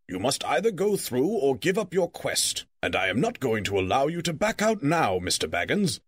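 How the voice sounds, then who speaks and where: A man reading a story aloud, voicing a brisk, teasing old wizard in a lively, raised voice. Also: medium pitch, breathy edge, dry recording, studio quality.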